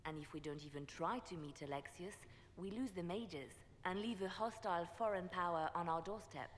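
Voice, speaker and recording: An actress playing a calculating female spymaster in a video game, measured and persuasive. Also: lowish voice, a little hiss or hum, close to an everyday voice. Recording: game audio with long reverb.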